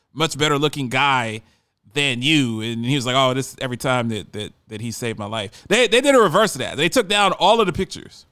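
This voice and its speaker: A man's voice: fairly high pitch, fairly bright tone. A man hosting a radio talk show, reading a news article aloud and breaking off into fired-up, laughing asides, sometimes stumbling over his words.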